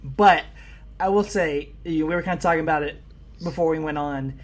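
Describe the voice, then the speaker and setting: A man co-hosting a podcast, chatting in a relaxed, easygoing way. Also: a little high, moderate pace. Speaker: podcast co-host. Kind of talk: casual chat.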